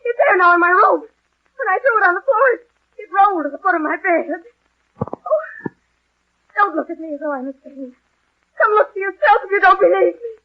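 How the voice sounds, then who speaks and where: A woman's voice: very high-pitched, expressive, phone-quality sound. A terrified young woman in old radio. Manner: breathless, halting, near tears. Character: frightened young woman haunted by nightmares. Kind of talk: 1940s radio acting.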